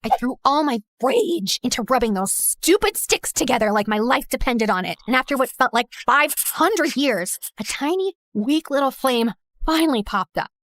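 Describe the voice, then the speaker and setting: A woman's voice: high voice, lively intonation, normal speed, a bit bright, no echo, clean studio sound. A young woman narrating her own story in the first person, dramatic and sassy, jumping between asides and exclamations. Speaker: narrator and lead character.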